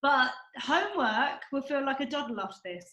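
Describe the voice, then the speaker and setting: High-voiced chatty woman, echoey video call. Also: expressive, moderate pace, sharp tone. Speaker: guest and author, mother. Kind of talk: casual chat over video call.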